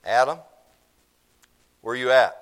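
A man's voice: medium pitch, slow. A man voicing God, calling out for Adam in the garden during a sermon. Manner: loud, bellowing call.

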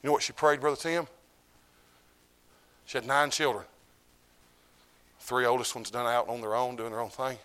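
A middle-aged man, preaching a sermon as pastor. He swings from loud declarations to low, hushed lines. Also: steady tone, moderate pace, long pauses, smooth.

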